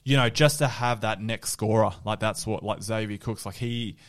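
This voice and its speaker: A man's voice: lowish voice, fairly even intonation, moderate pace. A male podcast co-host in casual sports chat, rambling with lots of fillers and restarts.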